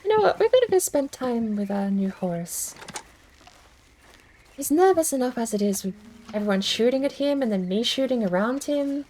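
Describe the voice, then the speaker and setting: Woman game streamer, casual rambling chat, self-deprecating, a bit high-pitched. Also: lively intonation, normal speed, a little mellow, slight background noise, low-quality recording.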